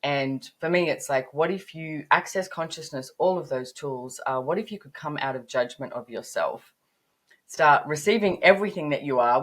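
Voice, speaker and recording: A woman in her fifties, a podcast guest telling stories about her upbringing in animated, emphatic bursts. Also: deep voice. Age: 50s. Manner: animated storytelling, rising to emphatic peaks. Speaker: podcast guest, business author. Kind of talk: conversational interview.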